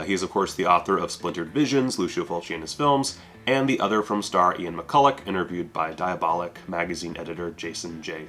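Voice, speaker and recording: A man with a very low, deep voice talking casually through a disc review. He is offhand and self-deprecating and swears now and then. Faint music runs quietly behind him. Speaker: home video reviewer.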